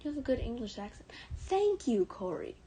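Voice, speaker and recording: Young American woman, warm mellow tone, casual read-aloud streamer who stumbles, giggles and whispers now and then. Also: on the high side, very animated, normal speed, slight background noise, rough recording. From United States. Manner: stumbles over words, giggles, drops into soft whispers. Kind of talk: reading fan fiction aloud on a livestream.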